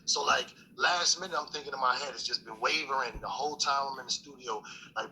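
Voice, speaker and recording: A man's voice: mid-range voice, a little fast, bright, forceful tone, low-quality recording. A middle-aged man telling a story in a laid-back, profane street style, full of fillers. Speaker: guest storyteller. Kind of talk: casual storytelling chat.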